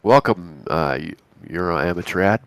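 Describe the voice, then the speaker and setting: A man, hoarse and raspy from a cold, co-hosting a live futures trading stream in a chatty, rambling way with many restarts. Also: low-pitched, expressive, moderate pace, no room sound. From Canada. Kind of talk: casual live market commentary.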